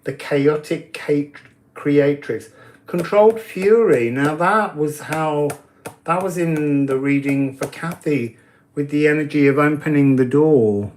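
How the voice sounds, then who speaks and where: A man's voice: on the high side, measured pace, a little mellow. A man giving oracle card readings in a casual live-stream chat, talking easily, answering viewers' comments and laughing often.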